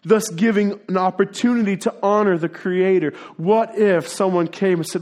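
With fairly even intonation, moderate pace, and few pauses, this male pastor's somewhat high voice carries an earnest sermon that alternates soft, low asides with rising, emphatic proclamations.

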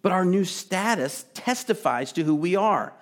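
A man preaching a sermon, earnest and emphatic, chatting with asides and sometimes dropping to a soft, pleading voice. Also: high-pitched, lively intonation, normal speed. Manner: drops to a soft, intimate tone to plead. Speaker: pastor.

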